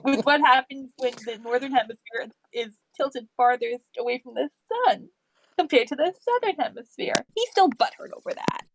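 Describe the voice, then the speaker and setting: A woman with a slight lisp, talking casually as a co-host, blunt and quick to swear. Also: sits high, lively intonation, slight background noise, low-quality recording. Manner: blunt, profane, indignant. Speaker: co-host commenting on a video. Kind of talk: casual chat.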